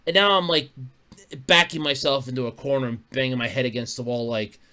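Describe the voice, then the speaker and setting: A man's voice: mid-range voice, a little fast, bright, forceful tone. A man hosting his own podcast in casual, rambling chat, swearing offhandedly and chuckling between stories. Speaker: podcast host.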